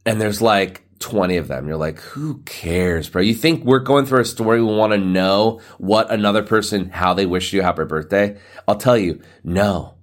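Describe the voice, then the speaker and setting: A man in his thirties hosting a solo podcast, rambling loosely with lots of filler words and a rough morning voice. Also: low-pitched, normal speed. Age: 30s. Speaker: podcast host. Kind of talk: casual solo podcast rant.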